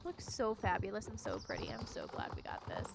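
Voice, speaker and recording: A woman's voice: a bass voice, huge pitch swings, fairly quick, heavy background noise. A woman streamer chatting giddily while playing a game, with game music behind. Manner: giddy, chatty. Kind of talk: casual gameplay chat.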